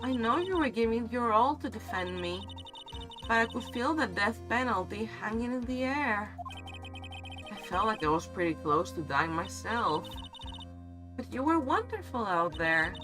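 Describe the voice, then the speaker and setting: A woman's voice: on the high side, expressive, measured pace, music in the background. A woman voicing a cheerful young female medium, chatty and relieved.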